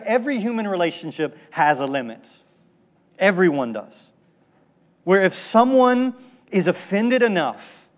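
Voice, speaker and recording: A man preaching a sermon as pastor, building emphatic repeated phrases and dropping to hushed lines. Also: a little high. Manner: preaching with emphatic, rhythmic repetition and dramatic drops to a hushed voice.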